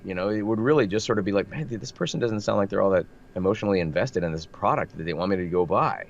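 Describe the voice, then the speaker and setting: A man with a low, slightly nasal voice talks shop in a relaxed interview. He keeps restarting his sentences and getting animated. The remote audio sounds dull with faint hiss behind it. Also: fast talker, gravelly. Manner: animated, self-deprecating, lots of restarts. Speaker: voice actor guest. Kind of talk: casual interview chat.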